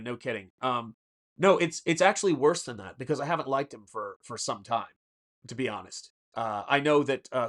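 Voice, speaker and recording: A man's voice: medium pitch, a bit bright. A man with a Southern American accent hosting a casual painting livestream, rambling and reading chat messages aloud with lots of fillers. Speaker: artist and livestream host.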